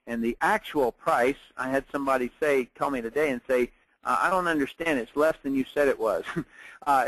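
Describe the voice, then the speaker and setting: Man, business training presenter, salesy storyteller, lots of uhs, medium pitch, dry sound. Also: dry recording, rough recording. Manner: storytelling with lots of fillers and quoted dialogue.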